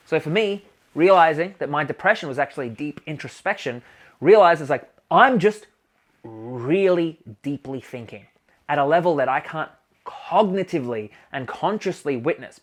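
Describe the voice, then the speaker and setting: A man with a fairly high voice talks straight to camera about healing and growth. He is animated and emphatic, with loose, swearing-laced phrasing, and his delivery keeps pushing up in energy. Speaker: healing coach and channel host. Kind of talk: casual self-help monologue to camera.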